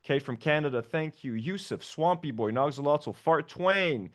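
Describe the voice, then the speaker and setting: A man's voice: on the high side, lively intonation, moderate pace. A man co-hosting a casual live-streamed podcast, laid-back and laughing often as he reads out donations and thanks viewers one by one. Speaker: podcast co-host reading donations.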